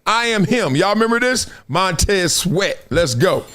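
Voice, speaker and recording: Lively, high-voiced storytelling man from Compton. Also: measured pace. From Compton, Los Angeles. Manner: storytelling, slangy, acts out others' voices. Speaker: host. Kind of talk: animated solo livestream talk.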